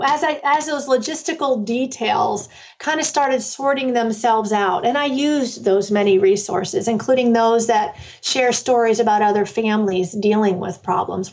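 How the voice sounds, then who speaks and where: A woman's voice: a little high, recorded from a distance. A middle-aged woman, an author and parenting workshop leader, telling her story in a loose, rambling way full of fillers and restarts. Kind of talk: conversational storytelling interview.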